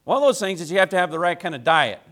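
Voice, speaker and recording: This pastor's sermon comes in a sing-song, somewhat high, slightly bright voice delivered very fast. He speaks to his congregation folksily and conversationally, repeating phrases for emphasis and posing rhetorical questions.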